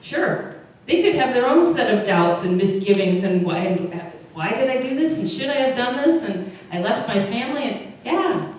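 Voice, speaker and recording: Her voice sits a little high, expressive and somewhat dark, at a normal pace. She's a pastor with an Upper Midwest American accent, chatting through a sermon and asking the congregation questions, picked up from a distance in a heavily echoing church service room.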